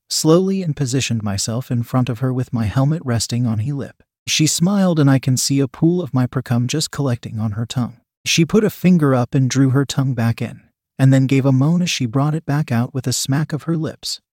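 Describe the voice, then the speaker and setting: A man's voice: mid-range voice, darkish tone, no echo, studio quality. Man reading a first-person adult story. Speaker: narrator.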